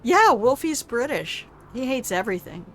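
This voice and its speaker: A woman's voice: on the high side, big pitch swings, normal speed, slight background noise. An older woman streaming a video game, chatting casually with viewers in a salty, teasing way and swearing freely. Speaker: gaming streamer. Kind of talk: casual gameplay commentary.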